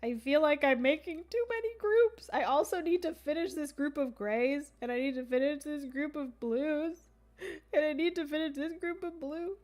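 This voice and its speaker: This young woman's voice is high-pitched with a darkish tone, and her pace is moderate. She hosts a livestream where she plays a solo board game, musing aloud and talking casually to viewers.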